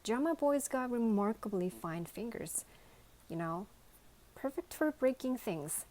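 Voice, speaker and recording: A woman's voice: a little high, animated, a little slow, darkish tone, pitched above the performer's own voice. A woman voicing a fierce, bossy toy pig who makes threats, in a storybook reading.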